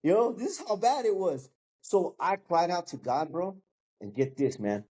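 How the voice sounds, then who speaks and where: A man's voice: high-pitched, big pitch swings, normal speed, dark tone, slightly rough. A man in his fifties, a guest sharing his testimony in casual storytelling, acting out the people in it and dropping "bro" and "man" as he goes.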